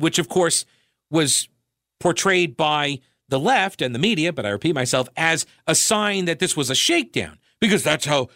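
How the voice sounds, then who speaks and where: A man's voice: fairly high pitch, pushed and bright, no room sound, clean studio sound. A man from New York hosting a political talk radio show, delivering a sarcastic, conversational monologue full of asides and self-corrections.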